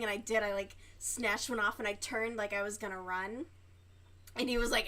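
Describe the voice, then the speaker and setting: A chatty young woman hosts a relaxed craft livestream, rambling between stories and dropping swear words. Her voice sits a little high. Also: fast talker. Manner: rambling, chatty, swears freely, many fillers. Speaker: livestream host. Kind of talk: casual chat while crocheting on a livestream.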